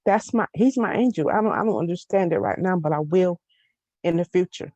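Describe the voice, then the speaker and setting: A woman on a group video call, speaking in a heartfelt, halting way as she holds back tears and asks a question. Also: lowish voice, dark tone, dry recording, highs cut off. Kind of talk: emotional testimony and question.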